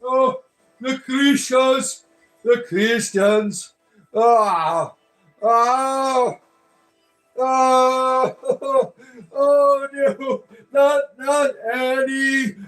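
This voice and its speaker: A man's voice: steady tone, very slow, soft background music, exaggerated voice. A man doing a shrieking possessed soul. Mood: panicked. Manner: panicked high wailing and pleading. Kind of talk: mock exorcism skit.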